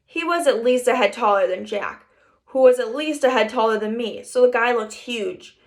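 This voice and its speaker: A woman reading a first-person children's story aloud in a lively storytelling manner. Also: on the high side, moderate pace. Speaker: reader. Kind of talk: audiobook narration.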